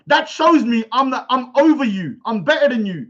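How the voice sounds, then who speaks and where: Loud ranting man on a dull lo-fi stream. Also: extremely high pitch, big pitch swings, moderate pace. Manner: loud, confrontational, repetitive. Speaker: livestream host. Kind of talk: ranting livestream chat. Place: indoors at a bungalow.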